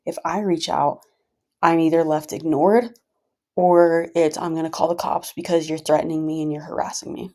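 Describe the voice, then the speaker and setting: Woman, vlogger, gravelly voice, low and mellow, rambling, frustrated venting. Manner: frustrated, rambling, lots of fillers. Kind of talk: casual venting to camera.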